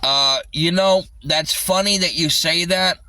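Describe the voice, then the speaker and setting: A man's voice: fairly high pitch, a little slow, bright, forceful tone. A man livestreaming an agitated rant, swearing constantly, with his voice a little distant from the mic.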